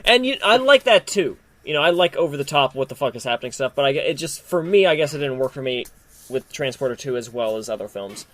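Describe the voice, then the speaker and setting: A man's voice: mid-range voice, expressive, fast talker, fairly bright tone, no room sound. A man co-hosting a movie podcast, agreeing eagerly and swearing casually. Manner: enthusiastic, agreeable, swears freely. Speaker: podcast co-host.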